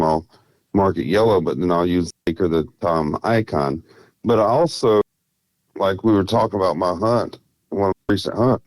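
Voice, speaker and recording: A man's voice: deep voice, a little mellow, no room sound. A tired man with a mild South Carolina Southern accent, chatting loosely as a podcast guest and laughing easily. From South Carolina, USA. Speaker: guest turkey hunter. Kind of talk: casual podcast chat. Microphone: remote line.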